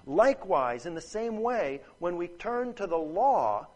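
A high-voiced male preacher delivers an earnest, emphatic sermon at a measured pace, his darkish tone swinging widely in pitch on poor audio. He drives points home with repeated phrases and keeps checking in with his listeners.

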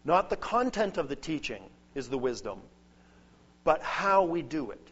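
A man's voice: fairly high pitch, sing-song, unhurried, fairly bright tone, breathy edge. A man preaching a sermon, earnest and emphatic, building points through lists. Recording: dull lo-fi sound.

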